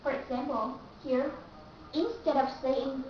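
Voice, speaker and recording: A high-voiced woman with a Vietnamese accent gives a slow, careful English pronunciation lesson, repeating each example word. She's some distance from the mic in a very echoey room, so the audio sounds dull and muffled, with a little hiss or hum.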